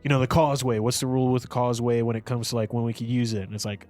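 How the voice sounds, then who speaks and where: A man's voice: mid-range voice, fairly even intonation, racing, hardly any pauses, a little mellow, soft background music. A man co-hosting a podcast, reviewing a movie in casual, rambling chat full of fillers and restarts. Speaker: podcast co-host.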